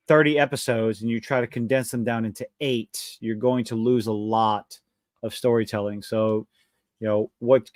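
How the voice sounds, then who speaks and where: A man's voice: medium pitch, no room sound, studio quality. A man from Louisiana hosting a casual livestream chat, cursing and mocking himself as he banters. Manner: profane, self-mocking banter. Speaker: podcast host.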